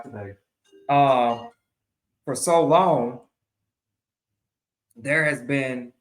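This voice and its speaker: A man's voice: mid-range voice, roomy sound. A man hosting his own show, giving earnest opinion commentary in a monologue and often repeating and restarting his phrases. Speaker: show host.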